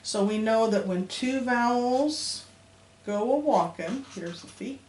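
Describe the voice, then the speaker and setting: A woman's voice: a little high, slow pace, darkish tone. A woman teaching a phonics lesson to young children, sounding out letters in a patient, sing-song teacher voice. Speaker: elementary school teacher. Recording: roomy echo, faint background hum.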